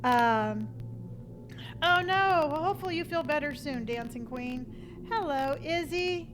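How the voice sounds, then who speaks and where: A woman's voice: high voice, lively intonation, unhurried, over music, low-quality recording. A woman hosting a live stream, chatting casually and greeting viewers in an upbeat, playful, sing-song way from her home setup. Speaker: livestream host.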